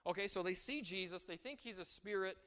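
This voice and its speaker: A man preaching a sermon, animated, rising and falling for emphasis and acting out quoted voices. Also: sits high, fairly quick.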